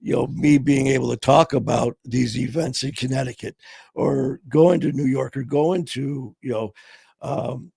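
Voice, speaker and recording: Middle-aged guy hosting his stream, voice getting hoarse, loose and heartfelt, lots of "man" and "you know", mid-pitched. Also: measured pace, darkish tone, no room sound. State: voice going hoarse. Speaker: podcast host. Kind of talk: casual live-stream chat.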